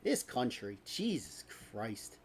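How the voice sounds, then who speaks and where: A man's voice: mid-range voice, huge pitch swings, takes it slowly, slightly rough. A man hosting a talk stream, ranting in an angry, sarcastic and profane way. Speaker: host.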